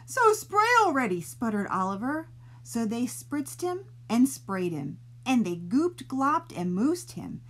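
A woman librarian reads a silly bedtime story to children, playful and expressive, drawing out her words. Her pitch rises and falls with lively animation, and she reads at a slow, deliberate pace.

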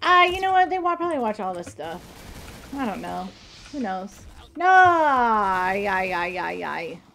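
A woman streamer chatting casually through a game, excitable and talkative with bursts of exclamations. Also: mid-range voice, measured pace. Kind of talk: casual gameplay commentary. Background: clear music and game gunfire.

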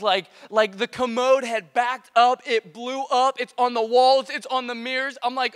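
A man preaching a casual youth sermon as pastor, energetic and joking, recorded live in a church. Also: very high-pitched, normal speed, hardly any pauses, clear, resonant tone. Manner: energetic, playful, joking with repeated slang. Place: church auditorium, live service. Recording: long reverb of a church hall.

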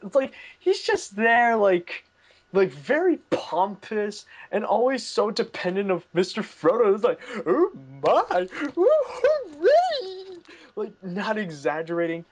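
A man hosting a podcast, chatting casually about a film and rambling with lots of "like" fillers and restarts. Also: high voice. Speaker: podcast host. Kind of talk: casual movie review chat.

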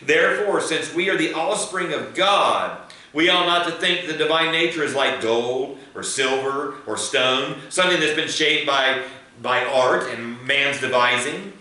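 A man's voice: fairly high pitch, a little slow, sharp tone. A man preaching a sermon as pastor, building emphasis and leading prayer. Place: church sanctuary. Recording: echoey church hall, mic at a distance.

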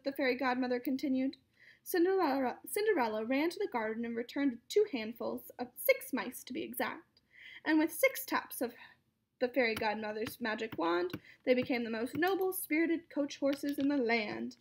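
A woman reading a picture book aloud as narrator, steady and clear, now and then correcting a slipped word. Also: high-pitched, normal speed. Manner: steady reading with occasional slips and self-corrections. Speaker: storyteller.

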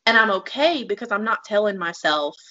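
A woman's voice: medium pitch, animated, brisk, bright, forceful tone. A woman co-hosting a podcast, talking about her feelings in a raw, open and emotionally frank way. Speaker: podcast co-host. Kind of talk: candid conversational podcast talk. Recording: dull lo-fi audio.

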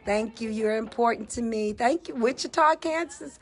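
A woman's voice: a little high, moderate pace, hardly any pauses. A middle-aged woman on a phone livestream, emotionally thanking viewers by name in a casual, gushing way. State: teary. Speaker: gospel singer on a livestream.

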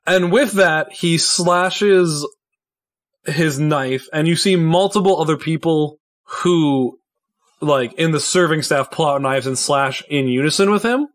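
A man running a tabletop role-playing game as game master, narrating in a casual, relaxed way. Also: on the high side, measured pace. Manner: casual, laid-back narration with fillers.

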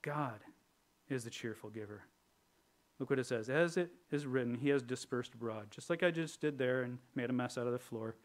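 A male pastor preaching a sermon with humor, switching between lively bursts and quiet, earnest stretches. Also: medium pitch, normal speed. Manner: animated and humorous, acting out prayers in a raised voice; drops to a quiet, earnest tone for serious points.

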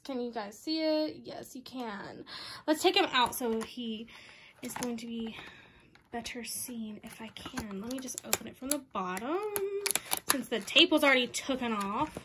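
A young woman vlogger unboxing merch, bubbly and excitable, often laughing and repeating exclamations. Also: high voice, unhurried, background noise. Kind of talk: unboxing vlog, casual chat.

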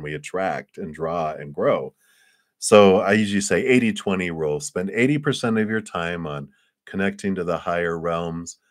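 A man giving live tarot readings in a gentle, rambling way with playful asides. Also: low-pitched, no room sound, studio quality. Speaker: tarot reader.

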